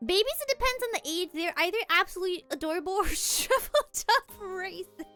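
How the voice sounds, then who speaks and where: A woman's voice: very high-pitched, animated, brisk, sharp tone, faint music behind. A young woman streamer in casual chat, giggly and rambling, often laughing at herself. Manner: giggly, rambling, self-deprecating.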